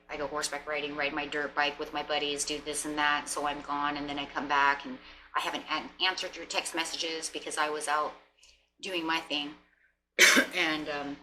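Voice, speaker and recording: A woman's voice: low-pitched, bright, forceful tone, a little hiss or hum, poor audio. A woman giving a casual tarot reading, talking in a rambling way and acting out short imagined exchanges. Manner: chatty, rambling, acts out little quoted exchanges. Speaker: tarot reader.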